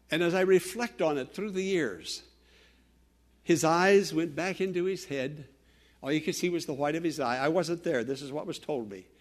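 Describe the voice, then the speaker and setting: Older man, pastor, sermon, emphatic, hushed storytelling, higher-pitched. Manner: emphatic, swinging from loud declarations to hushed storytelling.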